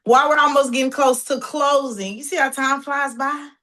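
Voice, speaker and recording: A woman hosting a faith talk show who asks questions in a deliberate way. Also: high-pitched, fairly even intonation, pushed and bright. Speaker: podcast host.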